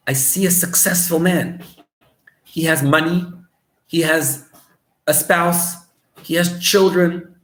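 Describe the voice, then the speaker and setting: A man's voice: a little high, voice pushed up. A man doing a bewildered old-world wagon driver. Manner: wondering, confiding, repeats himself. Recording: roomy echo.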